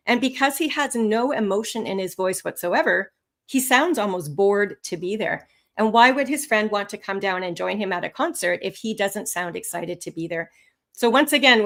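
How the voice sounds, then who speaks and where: A woman instructor teaching English test skills on a live webinar, with lively, rising and falling intonation. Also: medium pitch.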